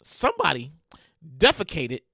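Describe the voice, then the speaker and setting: A podcast host ranting about the news in a loud, animated way, often laughing and shouting. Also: mid-range voice, moderate pace, gravelly, no room sound, clean studio sound. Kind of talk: casual commentary rant.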